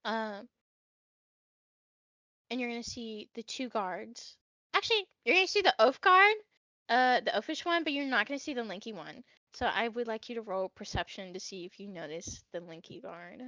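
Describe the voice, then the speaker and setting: A woman's voice: a little high, animated, normal speed, bright, forceful tone, no echo, rough recording. A young woman narrating a tabletop game as game master, chatty with many fillers.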